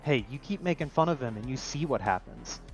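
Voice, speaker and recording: A man puts on a sly young woman playing the helpless damsel, taunting fast over faint music. She sits at an everyday middle pitch, with no real change from his own voice. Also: lively intonation, gravelly, rough recording.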